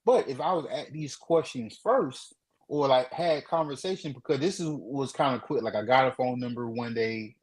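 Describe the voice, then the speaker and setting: A man co-hosting a podcast, telling a dating story in relaxed, rambling casual chat. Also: medium pitch, normal speed, low-quality recording. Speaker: podcast co-host.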